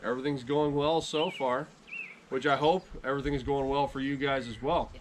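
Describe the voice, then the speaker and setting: A man chatting casually to camera outdoors beside his beehives in a relaxed, rambling way, often correcting himself. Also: mid-range voice, normal speed, noisy background. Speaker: beekeeping vlogger.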